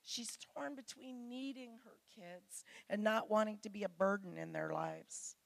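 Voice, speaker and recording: A woman's voice: mid-range voice, measured pace, vocal fry, dry recording. A middle-aged woman preaching a sermon to women, earnest and pleading as she speaks straight to her listeners.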